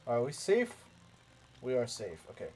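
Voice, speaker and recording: A man's voice: mid-range voice, huge pitch swings, measured pace, darkish tone, a little hiss or hum. A young man commenting casually on a strategy game as he plays, rambling, repeating himself and making jokey asides to his chat. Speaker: let's play streamer.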